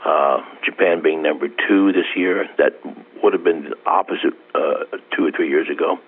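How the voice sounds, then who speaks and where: Deep husky man on a phone line. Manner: measured, halting, explanatory. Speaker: company executive guest. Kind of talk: interview answers.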